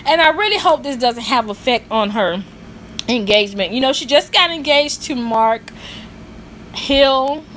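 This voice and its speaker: A woman hosting her own vlog, chatting in an animated, gossipy way about a reality show. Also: high voice, a little slow, slight background noise. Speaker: vlog host. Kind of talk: casual gossip commentary.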